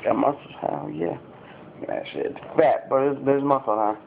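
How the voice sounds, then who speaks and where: Speaking at a moderate pace in a creaky, mid-range voice, a teenage YouTuber of fifteen rambles to camera in a casual vlog, cursing and using plenty of fillers. The audio is tinny and phone-like, with a little hiss or hum.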